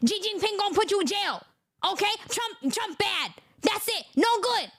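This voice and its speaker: A woman's voice: extremely high pitch, lively intonation, normal speed, a bit bright, pitched above the performer's own voice, full character voice. A woman mocking a scheming woman who demands money in broken English, with clipped, repeated threats. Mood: demanding.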